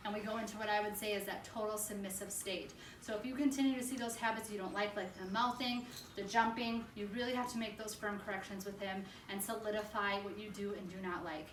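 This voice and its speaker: A woman dog trainer who explains a hands-on training session step by step and breaks off for sharp, firm commands to the dog. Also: medium pitch, a little hiss or hum. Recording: echoey room with faint ambience.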